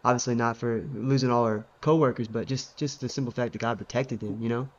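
Fast-talking man telling a story. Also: mid-range voice, fairly even intonation, dull audio. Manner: rambling storyteller with many fillers. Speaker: podcast co-host. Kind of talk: casual faith discussion.

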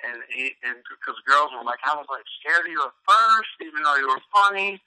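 A middle-aged man tells stories in a loud, profane, joking way. His voice is very bright and tense, and the sound is dry and close. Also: fairly high pitch, animated, brisk, no echo, low-quality recording. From New York. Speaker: comedian guest. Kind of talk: casual interview chat.

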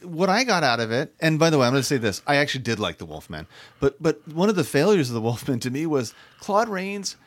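Animated man telling a movie story. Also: on the high side, quick pace. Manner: animated storyteller, swears, sarcastic asides. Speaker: podcast co-host. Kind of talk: casual chat.

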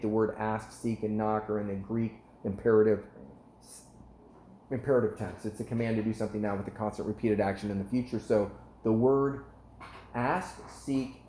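A man preaching a sermon as animated storytelling, his voice climbing high whenever he gets excited. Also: a little hiss or hum. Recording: echoey room.

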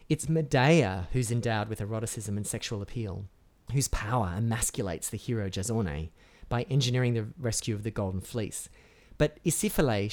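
A man giving a lecture on opera, explaining things clearly and sounding out Italian words slowly and with relish. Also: medium pitch, darkish tone. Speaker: music lecturer.

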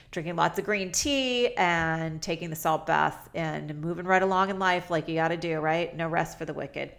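A woman's voice: deep voice, moderate pace, vocal fry, few pauses, fairly bright tone. Nasal-voiced woman hosting a podcast. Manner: chatty, upbeat and promotional. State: nasal from a head cold. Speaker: podcast host. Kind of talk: casual solo podcast talk.

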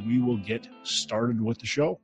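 A man's voice: medium pitch, measured pace, over music. A man hosting a podcast interview, reading a guest introduction with small restarts. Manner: friendly, reads with small restarts. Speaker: podcast host.

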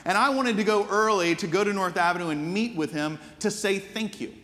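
High-voiced, bright male preacher. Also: a little fast, in a large hall. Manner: earnest, conversational storytelling. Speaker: pastor. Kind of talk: storytelling sermon.

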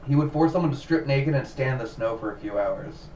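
A man's voice: medium pitch, lively intonation, fairly quick, a little mellow. A man hosting a casual podcast and telling a cult story from his notes, repeating himself now and then. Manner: narrates from notes, repeats words, laughs easily. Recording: roomy distant mic with faint noise.

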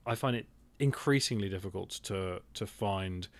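A man co-hosting a podcast and chatting about a film in a rambling, animated way, swearing and laughing often. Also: deep voice, normal speed. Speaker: podcast co-host. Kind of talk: casual film chat.

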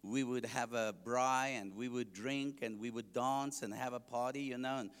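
A man's voice: medium pitch, steady tone, moderate pace, smooth, long reverb tail. A man with a South African accent, an evangelist preaching his testimony to a congregation, joking and asking the listeners questions.

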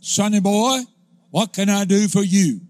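A preacher quoting a gruff old governor. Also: male voice, high voice, a little slow, darkish tone, no echo. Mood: stern. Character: gruff older male governor, stern then broken.

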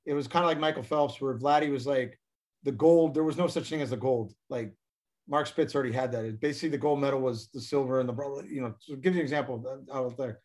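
A man's voice: mid-range voice, fast, darkish tone. A man, a former pro hockey player, telling rambling stories with laughs and restarts in a casual interview.

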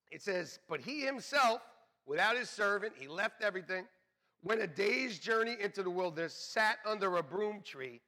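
A male pastor with a high, bright voice delivers a sermon over a church microphone. He talks like he is chatting with the congregation and slips in jokes and asides. His level swings from near whispers up to shouts. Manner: conversational, joking asides, drops to near whispers then builds to shouts.

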